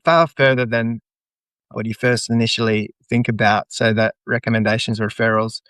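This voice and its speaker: A man hosts a business podcast and talks in relaxed chat, pausing and restarting as he thinks aloud. His pitch sits in the usual male middle. The recording is dry and close. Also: no room sound. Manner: hesitant, with many ums and restarts. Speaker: podcast host. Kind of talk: casual interview chat.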